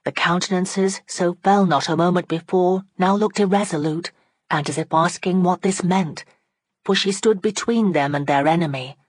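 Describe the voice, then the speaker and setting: A woman narrating an audiobook in a steady, dramatic storytelling manner on a close microphone. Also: on the low side, moderate pace, no room sound. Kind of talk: scripted narration.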